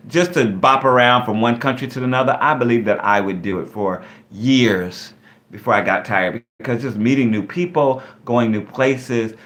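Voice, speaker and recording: A man hosts a relaxed live question session in a medium-pitched voice. He rambles freely, circling back with fillers and restarts. His tone stays easygoing and playful. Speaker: live stream host. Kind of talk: casual live chat.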